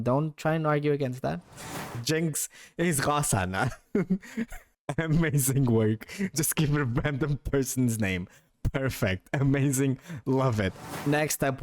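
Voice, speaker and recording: A man's voice: medium pitch, darkish tone. A young man giving playful, casual commentary as he ranks names, laughing often and swearing now and then. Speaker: YouTuber ranking names.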